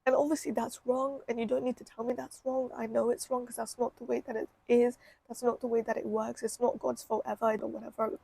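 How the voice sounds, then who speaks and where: Husky young woman telling a personal story. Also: a little high, warm tone, no room sound. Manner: emotional, candid, repeats herself. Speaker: vlogger.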